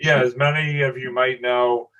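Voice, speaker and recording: A man co-hosting a casual sports history podcast, relaxed and easygoing with light jokes. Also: medium pitch, normal speed, rough recording. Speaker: podcast co-host.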